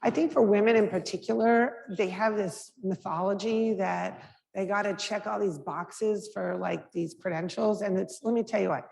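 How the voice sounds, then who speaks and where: A woman's voice: medium pitch, normal speed, gravelly, darkish tone. A middle-aged woman, a mayor and guest speaker, answering audience questions frankly and conversationally, with frequent restarts and fillers. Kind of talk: candid Q&A answers at a public talk. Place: lecture hall. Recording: reverberant hall with faint background noise.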